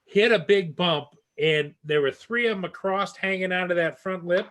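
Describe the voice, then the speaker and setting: An older man tells a folksy tale from the old days in easy, casual chat. His voice sits high for a man. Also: moderate pace, a bit bright.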